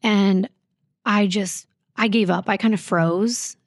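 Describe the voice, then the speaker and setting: A woman guest on a podcast, recounting a painful personal story in a halting, reflective way full of fillers. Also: mid-range voice, steady tone, no room sound, studio quality.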